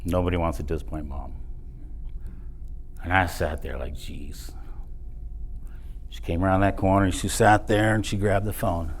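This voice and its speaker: A man's voice: sits low, steady tone, moderate pace, slight background noise. A middle-aged man from South Texas, telling personal stories in a motivational speech, with punchy emphasis on key words. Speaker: motivational speaker. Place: event hall.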